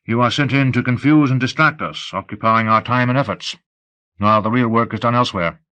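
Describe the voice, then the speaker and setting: A man reading an audiobook, voicing a sad, patient foreign police officer who speaks formally and gravely. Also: medium pitch, sharp tone, lightly acted. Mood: measured. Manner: measured, formal, sorrowful.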